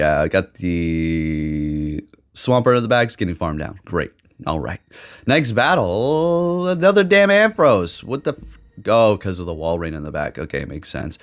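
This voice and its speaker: A man giving casual, excitable commentary over his own competitive game matches, swearing now and then. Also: low-pitched. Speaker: gaming commentator.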